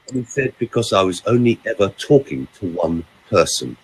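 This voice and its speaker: A man, a vocal coach, talking in a podcast chat and demonstrating delivery with lively emphasis. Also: low voice, moderate pace, hardly any pauses, slight background noise.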